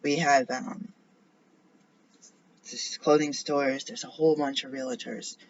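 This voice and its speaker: A man's voice: medium pitch, fairly even intonation, slow. A man vlogging in a casual, rambling monologue, drifting between topics and often dropping into a whisper. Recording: slightly dull lo-fi recording with faint noise.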